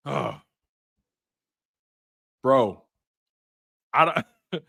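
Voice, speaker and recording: A man hosting a sports show on a livestream, worked up and emotional, repeating himself and swinging into shouts while he reacts to viewer chats. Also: high voice, animated, unhurried, pauses often. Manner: heated, repetitive, swings to shouting.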